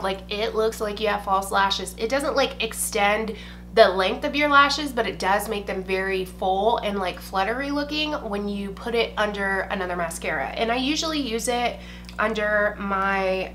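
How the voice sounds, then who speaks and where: A woman's voice: a little high, sharp tone, a little hiss or hum. A young woman, chatting casually and gushing as she reviews beauty products at home, saying "y'all" and swearing lightly. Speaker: beauty vlogger. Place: indoors at home.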